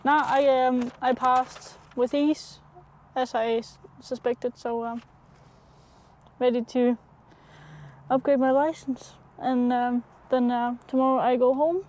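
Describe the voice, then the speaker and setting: Soft-spoken young woman from Denmark. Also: high voice, fairly even intonation, takes it slowly. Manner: chatty, hesitant with many fillers, sometimes half-whispering. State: sick, in bed. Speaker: vlogger. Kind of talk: casual vlog to camera.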